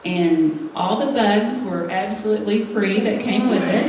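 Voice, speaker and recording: A middle-aged woman speaking at a women's church gathering shares a humorous personal testimony, laughing often as she tells it. Her mid-range voice moves at a measured pace, picked up by a distant mic in an echoey hall with heavy background noise.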